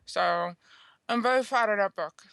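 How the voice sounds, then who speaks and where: A woman's voice: medium pitch, normal speed, fairly bright tone, no echo. A woman guest author telling a personal story in an interview, earnest and chatty, often checking in with the listener. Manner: chatty, earnest, checks in with "okay?" and "you know".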